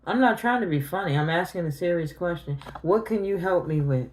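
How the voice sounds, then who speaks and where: A woman's voice: on the low side, expressive, brisk, a little mellow. A middle-aged woman tarot reader talking on a livestream, grieving and confronting her family directly in casual, emotional speech.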